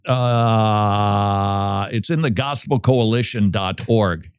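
A radio host reads an article aloud on casual talk radio, breaking off for playful jokes. His low-leaning voice is smooth and slow, captured in studio quality with no echo.

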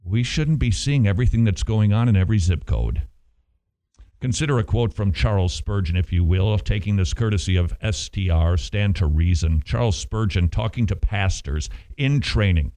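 A man preaching a sermon, animated, with rhetorical questions and playful asides. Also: fairly low pitch, normal speed. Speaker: pastor.

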